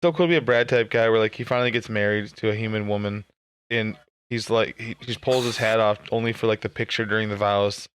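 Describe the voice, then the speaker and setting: A man's voice: fairly low pitch, fast, clean tone. A man co-hosting a podcast, riffing crude jokes in casual banter and laughing often. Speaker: podcast co-host.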